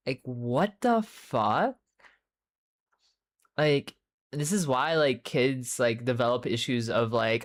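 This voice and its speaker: This young man speaks slowly with long pauses, his mid-range voice lively in intonation. He's chatting casually on a livestream, wandering from thought to thought, cursing openly, padding with fillers and calling out viewers by name as their messages come in mid-story.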